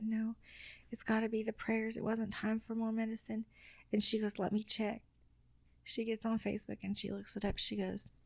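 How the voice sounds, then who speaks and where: A woman's voice: medium pitch, vocal fry, no room sound. A woman guest on a podcast telling her personal story earnestly and acting out what other people said. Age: adult with children. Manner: earnest, quotes people in lively retellings.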